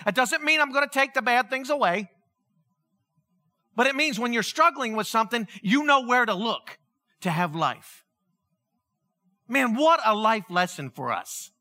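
High-voiced, bright, lively male pastor. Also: moderate pace. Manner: animated, conversational preaching with acted-out dialogue. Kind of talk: sermon.

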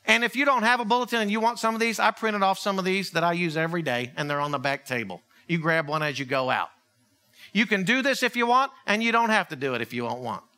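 A man preaching a sermon as pastor, conversational and animated, acting out little dialogues. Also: high-pitched, quick pace, smooth.

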